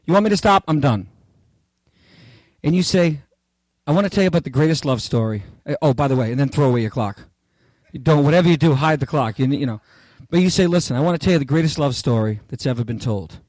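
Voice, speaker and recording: A male pastor preaching a sermon in an emphatic, repeating way that climbs to near-shouts on key phrases. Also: mid-range voice, animated, fast talker, no room sound. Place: church.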